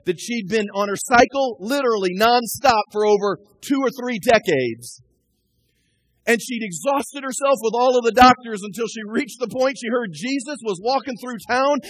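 High-voiced impassioned male preacher. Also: low-quality recording. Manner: impassioned preaching, rising to shouts then dropping low. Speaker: pastor. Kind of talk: sermon.

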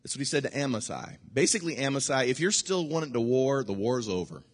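A man preaching a sermon as pastor, animated, with sudden high bursts and hushed asides. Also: fast, long reverb tail.

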